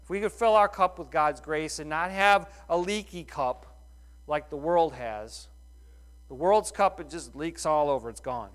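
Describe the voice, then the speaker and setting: A middle-aged man preaching a sermon in a folksy, animated way, full of rhetorical questions. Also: a little high, unhurried. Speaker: pastor.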